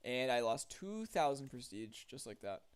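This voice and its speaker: A man's voice: mid-range voice, very animated, moderate pace, clear, resonant tone. A young man streaming a strategy game, chatting to his viewers, thinking aloud and getting easily exasperated. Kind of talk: casual gameplay commentary to chat.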